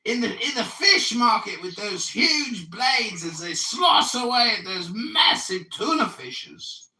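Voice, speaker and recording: A man in his forties shouts mocking taunts in a high, swooping voice that sounds bright and cutting. He is set back from the mic, and his voice bounces around a roomy space. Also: animated, slow pace. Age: 40s. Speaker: livestream host, political candidate. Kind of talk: heated livestream argument. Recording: roomy echo, distant from the mic.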